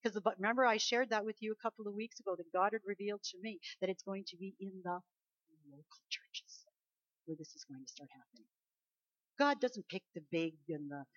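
A woman preaching a sermon, emphatic, swinging between loud declarations and soft asides. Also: on the low side, slightly rough, no room sound. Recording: dull lo-fi dry recording.

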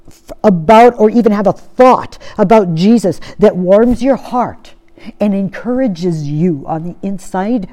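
A woman preaching a sermon in an earnest way. She poses rhetorical questions and often sinks to a soft tone. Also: mid-range voice.

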